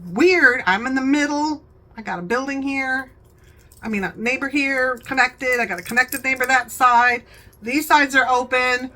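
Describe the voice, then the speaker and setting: A woman's voice: sits high, moderate pace, pushed and bright, poor audio. A talkative woman hosting a home vlog, rambling chattily and laughing often. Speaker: vlogger, channel host.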